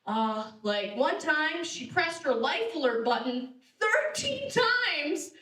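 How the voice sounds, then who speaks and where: Young female stand-up comic, high and bright voice, animated delivery. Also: takes it slowly. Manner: animated, laughs at own jokes, loud punchlines. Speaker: stand-up comedian. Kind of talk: stand-up comedy set. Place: live theater stage. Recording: roomy theater sound, distant mic.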